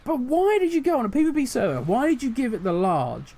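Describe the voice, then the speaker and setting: A man's voice: very high voice, huge pitch swings, a little fast, mellow. A man hosting a gaming channel, ranting animatedly with exasperated rhetorical questions. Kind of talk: casual commentary rant.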